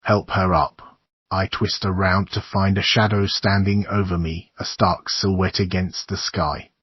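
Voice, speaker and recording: A man reading a horror audiobook in a measured, somber narration. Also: deep voice, level tone, breathy edge, no room sound, lo-fi sound.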